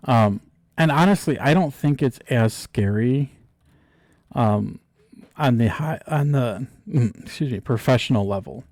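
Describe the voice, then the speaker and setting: A man's voice: mid-range voice, lively intonation, unhurried, darkish tone, dry recording, studio quality. A man chatting casually, telling a story with many fillers and restarts. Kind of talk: casual chat.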